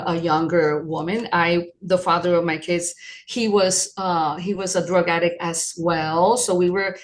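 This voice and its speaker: A woman around sixty from New York City, sharing her personal story as an interview guest, earnest and reflective. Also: lowish voice.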